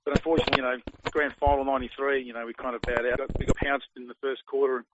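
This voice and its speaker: A man's voice: medium pitch, level tone, rapid-fire, very noisy. An Australian man in his forties, a former footballer, chatting in an interview in a rambling way full of fillers and restarts. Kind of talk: casual interview. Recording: dry tinny phone line.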